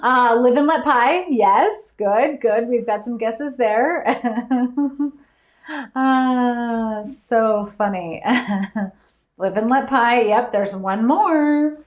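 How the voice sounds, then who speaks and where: A woman hosting a live trivia stream, chatty and quick to laugh as she reads out viewers' answers. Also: fairly high pitch, roomy sound. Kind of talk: casual live-stream chat.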